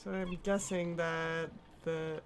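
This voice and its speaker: A woman's voice: on the low side, flat delivery, slow, background noise. A woman streaming a video game live, reading along and reacting casually.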